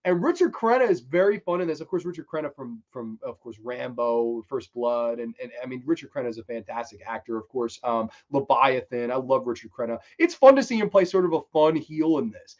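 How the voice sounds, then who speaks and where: A man's voice: fairly high pitch, lively intonation, a little fast, few pauses, darkish tone. A man hosting a movie review show, talking casually and enthusiastically in a rambling, profane style. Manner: enthusiastic, rambling, swears freely. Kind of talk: casual film countdown talk. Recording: dull lo-fi recording.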